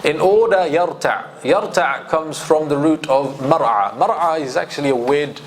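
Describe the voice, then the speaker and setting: Lively male teacher explaining scripture. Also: on the high side, normal speed. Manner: lively, acts out quoted speech, recites Arabic verses. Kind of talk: scripture commentary lesson.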